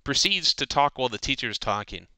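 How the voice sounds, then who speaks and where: This is a teenage podcast host chatting casually, spinning a long, profane, meandering rant about school. He speaks in a medium-pitched male voice that's animated, slightly quick, bright and forceful. The tone is clean, with no room sound.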